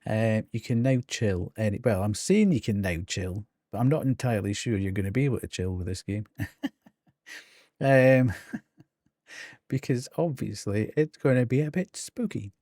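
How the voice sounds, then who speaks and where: A man's voice: fairly low pitch, expressive, normal speed, warm tone, dry recording, clean studio sound. A middle-aged man with a Geordie accent, chatting casually on a live game stream, laughing often between ums and restarts.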